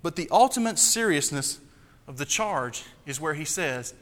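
A man preaching a sermon, emphatic, repeating key phrases and slowing down to stress them. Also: a little high, animated, fairly bright tone, in a large hall.

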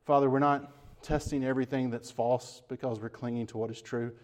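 A pastor preaches a sermon with earnest emphasis and repeated phrases, then leads a closing prayer. His voice is medium in pitch, steady in tone, fairly quick, and somewhat dark.

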